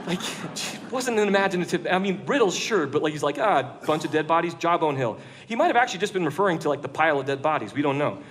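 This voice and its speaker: Animated jokey preacher, man. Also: high-pitched, slight background noise. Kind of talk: lively storytelling sermon. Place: large church room with an audience.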